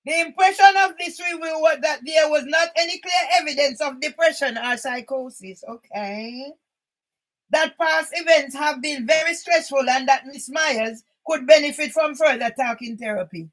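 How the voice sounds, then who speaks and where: An older woman reads documents aloud and comments on them indignantly, often breaking into shouts. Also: high-pitched, moderate pace, rough recording. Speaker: channel host.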